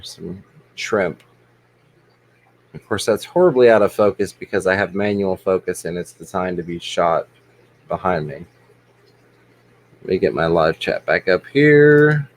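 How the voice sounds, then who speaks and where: A man's voice: deep voice, unhurried, long pauses, a little hiss or hum, poor audio. A man hosting a livestream, easygoing and self-deprecating in casual chat. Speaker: livestream host.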